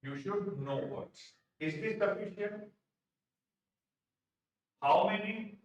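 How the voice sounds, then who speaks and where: An Indian English man teaching a live exam-prep class, his voice sitting a bit high. He stresses points by repeating them and poses questions only to answer them himself. The recording is very roomy and reverberant, with him set back from the microphone. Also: slow, dull audio, a little hiss or hum. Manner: emphatic, repeats key phrases, asks and answers his own questions. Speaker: vocabulary teacher. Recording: very echoey room, distant from mic.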